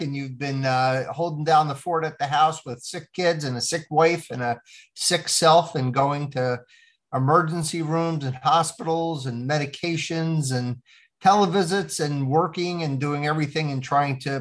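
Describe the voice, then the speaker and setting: A man's voice: fairly high pitch, steady tone, normal speed. Male podcast host, fifties, easygoing conversational delivery with frequent fillers. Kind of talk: casual podcast chat.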